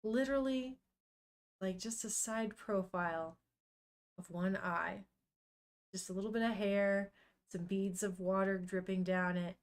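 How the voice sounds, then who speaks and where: Slow-talking chatty young woman streamer. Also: medium pitch. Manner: chatty, emotional, swears casually. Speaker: streamer reading manga aloud. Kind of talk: casual live-stream commentary.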